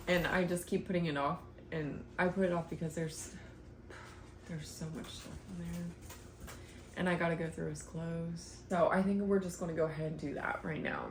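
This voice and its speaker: A young woman talks casually to her camera at home, rambling and breaking into frequent laughs. Her voice sits on the low side. The room is echoey, with a faint hiss underneath. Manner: chatty, rambling, laughs often, soft sighs. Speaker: vlogger, stay-at-home mom. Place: home, indoors.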